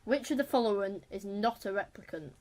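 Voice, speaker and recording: A woman co-hosting a film podcast, voice at an ordinary middle pitch. She chats casually and reads out quiz questions briskly. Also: animated, a little mellow. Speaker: podcast co-host and quiz reader.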